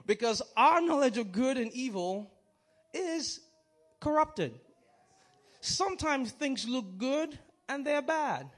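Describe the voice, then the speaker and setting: A man with a very high, sing-song voice preaches a sermon conversationally. He's halting, with restarts, chuckles and questions put to the audience.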